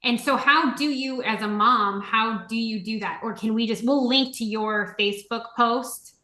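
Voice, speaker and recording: A woman's voice: fairly high pitch, normal speed, pushed and bright. A woman hosting a casual podcast, talking in an earnest, heartfelt way. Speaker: podcast host. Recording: echoey room.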